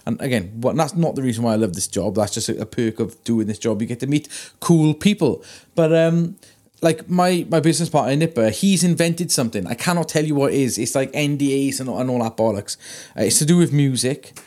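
A man co-hosting a podcast, telling stories in a sweary, animated way. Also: medium pitch, a little fast. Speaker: podcast co-host. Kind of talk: casual storytelling.

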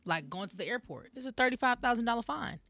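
Lively, laughing young woman podcast host. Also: on the high side, fast talker, heavy background noise. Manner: animated, laughs often, mimics people in quotes. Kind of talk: casual chat.

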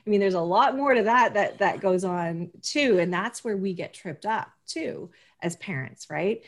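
A woman's voice: mid-range voice, expressive, unhurried. Chatty woman podcast host. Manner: chatty, self-deprecating, many fillers and restarts. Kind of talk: casual interview chat.

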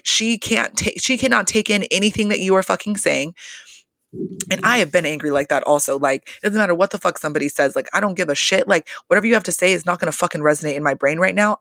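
A man recapping a reality show in loose, rambling chat, packed with fillers and swearing. His voice sits a little high and has a gravelly edge. The sound is dry and close, with no room around it. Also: a bit bright, dry recording. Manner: rambling, heavy "like" fillers, frequent swearing and laughter. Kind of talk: casual profane recap.

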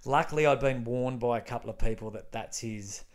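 Aussie comedian guy rambling through a story, mid pitch, lots of restarts. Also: a little fast. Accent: Australian. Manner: rambling, animated anecdote with restarts. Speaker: comedian guest. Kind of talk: casual storytelling chat.

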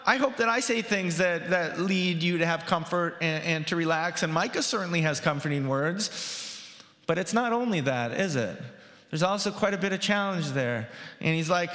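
A man's voice: fairly high pitch, bright, forceful tone. Preacher man in a reverberant hall. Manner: conversational with many fillers and restarts; rises sharply when quoting voices. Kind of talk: sermon.

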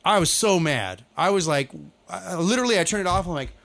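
A man's voice: high-pitched, expressive, brisk, creaky, a bit bright. A man with a slightly raised voice is ranting casually with a co-host. His talk is loose and profane, and his exasperation builds as he goes. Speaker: podcast co-host. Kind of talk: casual chat.

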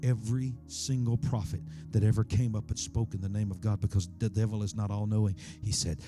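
A male preacher delivering a sermon, swinging between loud, high exclamations and hushed, low passages, and often putting rhetorical questions to the congregation. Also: fairly even intonation, fairly quick, few pauses, over music.

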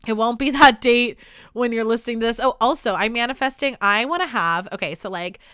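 Late-twenties woman hosting her own podcast: sharp, smooth voice, loose and profane, throat worn by allergies. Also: fairly high pitch, a little fast, no echo, studio quality. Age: late 20s. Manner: candid, rambling, swears freely. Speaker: podcast host. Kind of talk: casual solo podcast chat.

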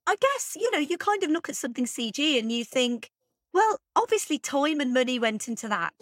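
A woman's voice: high voice, very animated, a little fast, no echo, clean studio sound. A woman co-hosting a podcast, chatting casually and thinking aloud with plenty of fillers. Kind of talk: casual chat.

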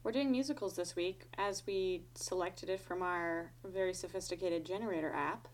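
A woman's voice: on the low side, moderate pace, rough recording. A woman co-hosting a podcast in casual chat, teasing and laughing a lot. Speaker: podcast co-host.

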